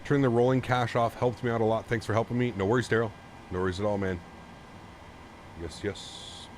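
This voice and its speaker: A Canadian man with a fairly low, brisk voice is streaming a flight sim, chatting casually and thanking viewers as he reads the chat. Steady background noise runs under the recording.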